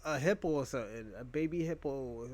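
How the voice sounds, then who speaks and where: A man's voice: medium pitch, brisk, a little mellow. A man talking to his viewers in a loose, crude, rambling monologue. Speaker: streamer.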